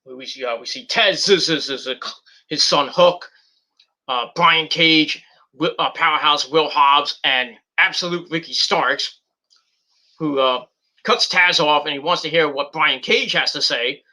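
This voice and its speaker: A man's voice: a little high, unhurried, sharp tone. A man casually reviewing a wrestling show, rambling with lots of fillers and mocking paraphrases of what people said.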